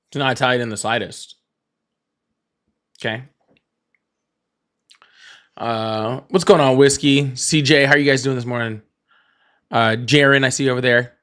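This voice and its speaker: A man's voice: medium pitch, a bit bright. Rambling man chatting on a livestream. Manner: rambling, lots of fillers and restarts, addresses chat by name; swears casually. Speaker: livestream host. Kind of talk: casual livestream chat.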